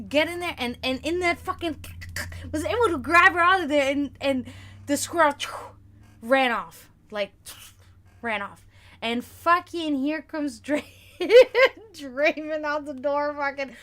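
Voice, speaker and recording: A woman's voice: sits high, a little slow. A woman hosting a livestream, telling rambling, profane stories in casual chat. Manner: rambling, profane, animated storytelling. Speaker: livestream host.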